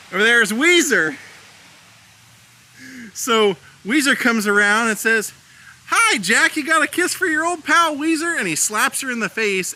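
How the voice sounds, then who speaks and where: A man with a high, sharp-toned voice leads a casual outdoor tour of movie locations, narrating his vlog while chatting and laughing through retellings of scenes.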